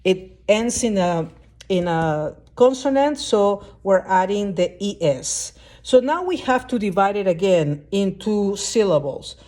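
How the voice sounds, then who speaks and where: A woman's voice: medium pitch, lively intonation, unhurried. A woman teaching a lesson at a whiteboard, explaining step by step and often checking that the class understands. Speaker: Spanish teacher.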